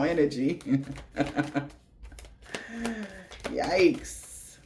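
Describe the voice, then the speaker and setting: High-voiced man giving a slangy reading. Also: slow pace, long pauses, slight background noise. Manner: profane, slangy, laughing storyteller. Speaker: tarot reader. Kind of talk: casual spiritual reading.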